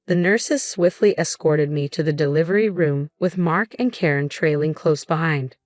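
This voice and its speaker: Low-voiced woman narrating a story. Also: moderate pace, hardly any pauses, darkish tone, no echo, clean studio sound. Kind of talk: scripted first-person story narration.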